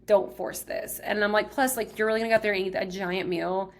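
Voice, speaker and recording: A young woman from Texas talks through a personal story in an easygoing, conversational way. She leans on "like" between phrases and keeps a middle pitch for a woman. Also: steady tone, fast. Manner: chatty, heavy use of "like". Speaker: podcast host. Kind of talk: casual storytelling.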